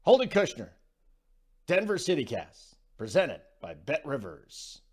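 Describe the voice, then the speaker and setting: A man hosting a sports betting radio show, talking casually with quick asides and self-deprecating jokes. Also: mid-range voice, wildly swooping pitch, a little mellow, breathy edge.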